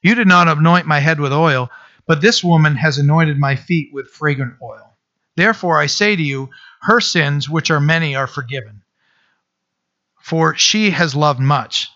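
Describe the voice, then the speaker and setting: A man preaching a conversational sermon to his church, reading scripture and explaining it with restarts and animated asides. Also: a little high, normal speed. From Maine. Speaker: pastor. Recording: dull lo-fi sound.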